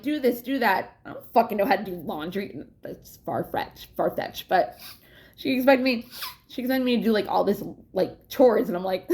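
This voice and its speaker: A young adult woman vlogs casually with a mid-range, creaky, slightly mellow voice. She talks candidly and rambles, swearing often, laughing between thoughts, and yawning to catch her breath.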